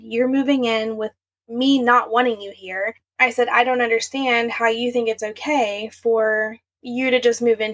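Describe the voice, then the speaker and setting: A woman's voice: on the high side, a bit bright. A young adult woman, a podcast guest, candidly recounting a personal story in a rambling, run-on way. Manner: candid, run-on storytelling with frequent "like" and "you know".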